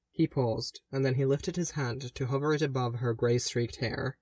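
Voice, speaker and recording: Man softly narrating a fan audiobook. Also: mid-range voice, steady tone, normal speed, hardly any pauses, no room sound, studio quality. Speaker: audiobook reader.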